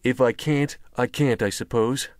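Narrator voicing a steely young frontier gentleman, firm clipped orders, mid-pitched, dry booth sound. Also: fairly even intonation, unhurried, dry recording, natural voice. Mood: heated. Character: determined young male frontiersman statesman, resolute.

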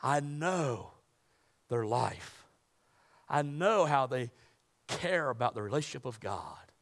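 A man preaching a sermon, swinging from loud emphatic peaks to hushed near-whispers. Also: mid-range voice, lively intonation, takes it slowly. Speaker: pastor.

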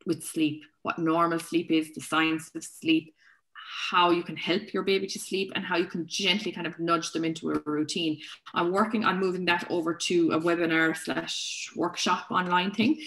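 An Irish woman, a sleep consultant guest, talking in a relaxed, conversational way on a podcast. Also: on the low side. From Ireland. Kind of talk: casual chat.

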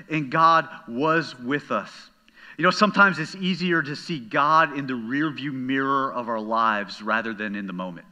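A middle-aged man, a pastor, preaching a sermon in an earnest way that ranges from hushed comfort to loud storytelling. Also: medium pitch, measured pace.

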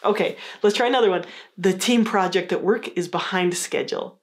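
Woman therapist for a scripted explainer, mid-pitched, calm and encouraging. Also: fairly quick. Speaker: psychologist teaching a course.

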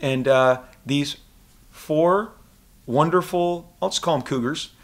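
A man in his forties, a comic book creator, talking excitedly in an interview and acting out quotes in funny voices. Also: a little high, slow. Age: 40s. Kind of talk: animated casual interview talk. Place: convention interview room.

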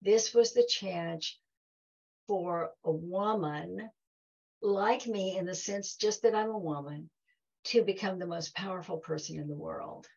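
A woman's voice: on the low side, unhurried, creaky, darkish tone, husky, lo-fi sound. A woman giving a heartfelt talk to an audience, telling stories and acting out quoted dialogue. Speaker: guest speaker.

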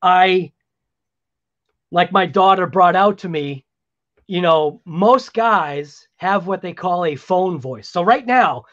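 A man with a fairly high voice talks his way through a video edit in a loose, rambling manner. He drifts into chatty, self-deprecating asides. The sound is a little muffled, like a basic home recording. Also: slow, fairly bright tone. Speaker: RC hobby channel host. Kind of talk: casual voice-over while editing video.

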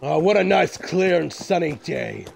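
A man with a deeply gravelly, raspy voice and a fairly high pitch for a man talks slowly through crude, swaggering gameplay commentary. He plays up a greedy landlord and swears at nearly every turn. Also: lively intonation. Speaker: gaming YouTuber. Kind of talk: profane gameplay commentary in a mock-landlord role-play.

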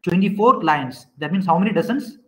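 A man lectures an online class in a high voice. He keeps quizzing his students and repeats questions with halting restarts. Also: expressive, fairly bright tone, low-quality recording. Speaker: teacher.

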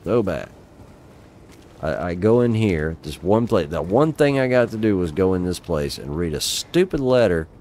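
Gravelly deep-voiced middle-aged gamer. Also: male voice, animated, normal speed, a little mellow, slight background noise. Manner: exasperated, profane, talking to himself. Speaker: gaming channel host. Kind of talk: live gameplay commentary.

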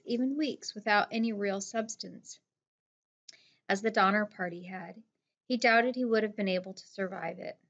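Woman reading a novel out loud, mid-pitch, a bit muffled sound. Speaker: narrator. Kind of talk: audiobook narration.

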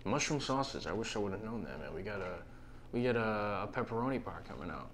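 A man's voice: fairly low pitch, lively intonation, quick pace. A man hosting a casual comedy interview, ribbing his guest with a lot of swearing. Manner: teasing, profane, ribbing. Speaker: host. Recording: faint background noise.

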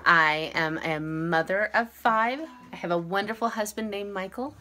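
A woman's voice: medium pitch, normal speed, pushed and bright, slight background noise. A woman in her thirties, a mother of five, chatting to viewers in a casual home vlog from her kitchen. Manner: chatty, upbeat, talking to viewers. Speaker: family vlogger, mother of five.

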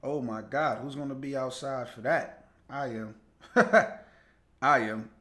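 A young man hosts a casual live show in a mid-range, bright voice with a forceful tone, speaking slowly. He chats loosely, greets viewers by name and laughs easily while reading their comments.

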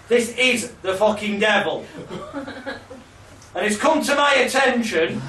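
A man doing a booming, menacing voice of the devil, shouting threats and breaking into laughter. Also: roomy sound, recorded from a distance, a little hiss or hum, heavily acted. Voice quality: shouted, laughing through the lines.

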